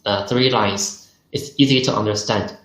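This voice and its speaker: A man's voice: lowish voice, fairly even intonation, normal speed, fairly bright tone, echoey room, low-quality recording. A male teacher, speaking English patiently in an online lesson and modelling pronunciation. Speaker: Chinese language teacher.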